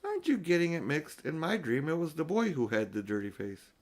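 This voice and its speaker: A dreamy, sensible young girl speaks in a high, lilting storybook voice, put on by an older man reading aloud. Her voice climbs well above a grown man's register and rises and falls as she talks. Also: sing-song, fairly quick, darkish tone. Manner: dreamy, then urgent and practical.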